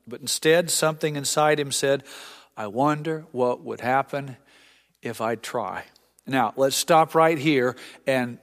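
Earnest preacher in a reverberant hall. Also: male voice, fairly high pitch, fairly bright tone. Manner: earnest storytelling, acts out voices. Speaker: pastor. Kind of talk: sermon.

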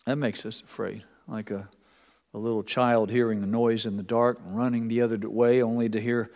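A man's voice: on the low side, level tone, normal speed, a little mellow, in a large hall. A man preaching a sermon as pastor, talking in a conversational way with restarts and repeated words.

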